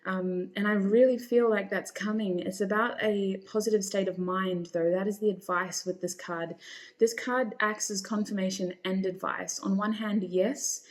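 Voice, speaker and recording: A woman's voice: mid-range voice, steady tone, normal speed. A woman reading tarot cards for her viewers, speaking in a reassuring, encouraging way and calling them honey. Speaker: tarot reader.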